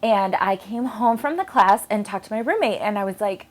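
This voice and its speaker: A woman's voice: medium pitch, animated, moderate pace, hardly any pauses. A young woman casually talking to camera in a vlog, chatty and self-deprecating, with plenty of ums. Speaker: book vlogger.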